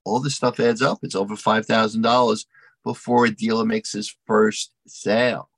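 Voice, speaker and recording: A plainspoken man talking as a guest, with a somewhat low voice. The recording is dry and close, with no room sound. He answers in a matter-of-fact way. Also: flat delivery, moderate pace, a bit bright, breathy edge, no echo. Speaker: guest, card dealer. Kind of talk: casual interview chat.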